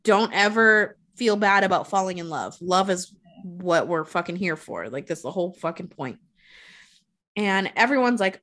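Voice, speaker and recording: A woman with a lowish voice talks at a moderate pace as she walks through a movie's plot. She curses a lot and acts out the characters' dialogue in an animated, casual way.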